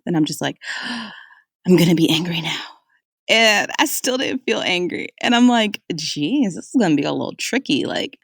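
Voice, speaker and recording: In a dry, studio-quality recording, a young woman with a low voice hosts a podcast. She tells a personal story candidly and conversationally, addressing her listeners directly.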